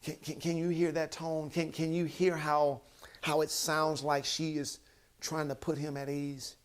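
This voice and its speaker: A man's voice: fairly high pitch, level tone, a little slow, clear, resonant tone. A man giving an emphatic motivational talk, counting off his points one by one. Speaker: motivational speaker.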